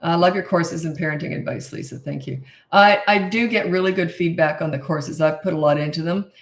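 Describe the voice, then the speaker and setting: A woman's voice: on the low side, fairly quick. A middle-aged woman coaching parents in a casual live Q&A, blunt and chatty, laughing at herself. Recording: roomy echo.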